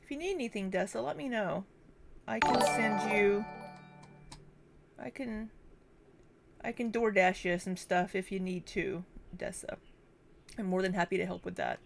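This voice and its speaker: A young woman hosts a casual livestream from her home kitchen, greeting viewers in a chatty, easily distracted way. Her mid-pitched voice has a noticeable gravelly fry running through it. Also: a little slow, pauses often, music in the background. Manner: chatty, distracted, reads viewer names aloud. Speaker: livestream host. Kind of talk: casual livestream chat reading super chats.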